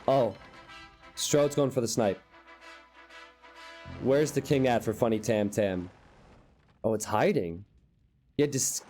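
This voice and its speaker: A young man casting a strategy game live, excitable and quick to jump into high shouts at big plays. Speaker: game caster.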